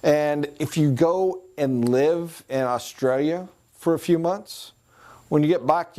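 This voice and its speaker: A man with a mellow, warm voice leads a sales training class. He talks conversationally and acts out quick voices and accents as examples. Now and then he slows to write on a board. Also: on the high side. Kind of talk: recorded training lecture.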